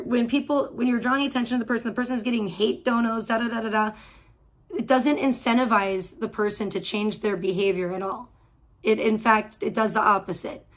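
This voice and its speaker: A woman hosting an audio-only livestream from home, ranting in a heated, profane, rambling way with lots of restarts. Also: a little high. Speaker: livestream host.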